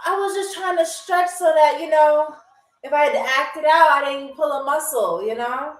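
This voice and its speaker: A woman's voice: high voice, normal speed, reverberant, far from the mic, low-quality recording. A woman hosting a live online game show in a playful, chatty, teasing way. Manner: chatty, teasing, laughs often.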